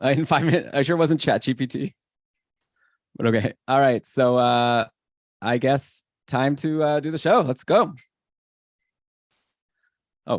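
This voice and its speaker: A man hosting a fantasy hockey podcast, chatty and excitable, with energetic shouted openers. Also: medium pitch, no room sound, studio quality. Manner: hyped, energetic show opener. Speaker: podcast host. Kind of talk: casual podcast chat.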